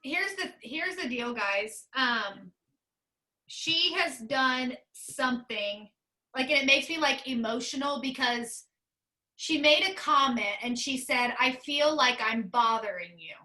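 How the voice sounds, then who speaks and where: A woman leading a motivational team call over video, earnest and emotional, talking in quick bursts. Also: sits high, bright, forceful tone. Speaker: sales team leader.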